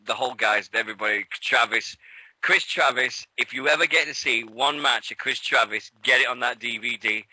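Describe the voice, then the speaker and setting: A British man co-hosting a radio show in casual chat, an excitable storyteller who laughs often and swears freely. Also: mid-range voice, low-quality recording. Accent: British English.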